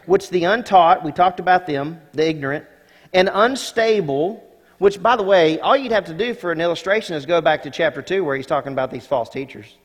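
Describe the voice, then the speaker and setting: A male pastor preaching a sermon, moving from quiet asides to loud, emphatic peaks. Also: on the high side, a little fast, big-room sound.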